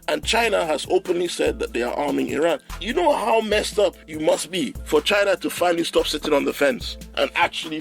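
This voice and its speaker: Gravelly sarcastic man ranting. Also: on the high side. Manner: sarcastic, fast, ranting, rising to mock outrage. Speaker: commentator. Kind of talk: comedic political rant.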